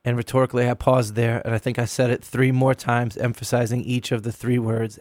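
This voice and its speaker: A middle-aged male pastor talks through a sermon he gave, earnest and emphatic, stretching out single words for weight. His voice sits at an ordinary pitch and is captured close and dry, with no room sound around it. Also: little pitch movement, darkish tone, dry recording. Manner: earnest, emphatic, slows to stress key words. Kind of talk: recounting a sermon.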